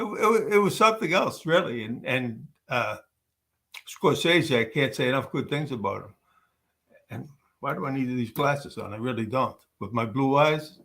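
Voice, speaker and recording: A man's voice: mid-range voice, fairly bright tone. A man, an actor, telling casual anecdotes on a webcam call, rambling with many fillers and restarts. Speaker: actor guest.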